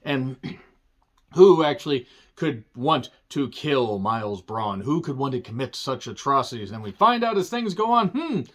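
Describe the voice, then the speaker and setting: A man talks through a movie review in a loose, rambling way, drifting into tangents and throwaway jokes. His voice sits at an ordinary middle pitch, and he swears casually as he goes. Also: very animated, unhurried, fairly bright tone.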